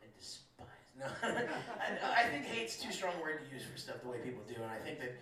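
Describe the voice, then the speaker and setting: A man's voice: fairly high pitch, very animated, a little fast, distant mic. A man doing a stand-up set, laid-back and rambling, laughing at his own jokes. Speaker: stand-up comedian. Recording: echoey room recorded from afar with a crowd.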